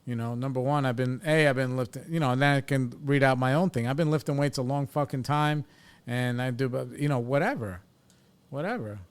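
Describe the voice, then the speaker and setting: A man in his forties hosts a podcast as someone in recovery, speaking a little fast in a smooth, medium-pitched voice. His casual talk is candid, blunt, and reflective, with free swearing as he thinks aloud.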